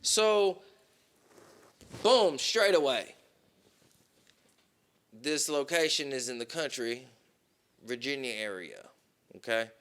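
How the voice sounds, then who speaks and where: A man on a podcast telling a long story in casual, profane talk, with plenty of "boom" and "right?". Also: slow pace, pauses often, fairly bright tone, smooth. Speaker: podcast co-host.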